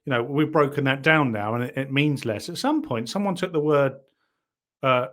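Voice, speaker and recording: A man's voice: mid-range voice, lively intonation, normal speed, a bit bright. A man co-hosting a podcast, musing and argumentative in casual chat. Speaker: podcast co-host.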